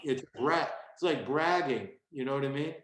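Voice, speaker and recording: Brief: male comic, 60s, mid-pitched, storytelling guest who slips into his stage bits, recorded in a roomy, echoey space. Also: normal speed, a bit bright. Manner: acts out bits of his old stand-up act mid-story. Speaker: stand-up comedian guest. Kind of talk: storytelling interview. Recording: echoey room.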